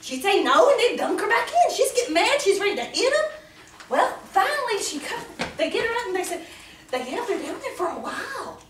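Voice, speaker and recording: Woman doing a naive church gossip character, drawl, very high voice, bouncy and giggly, echoey room from far off. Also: sing-song, fairly quick, slight background noise. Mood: amused. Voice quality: folksy drawl with frequent laughing. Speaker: performer at a church ladies' meeting. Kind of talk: comic monologue in character.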